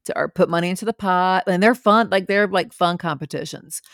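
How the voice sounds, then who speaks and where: A woman co-hosting a casual chat podcast, chatty and quick to laugh. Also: fairly low pitch, dry recording, clean studio sound. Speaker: podcast co-host.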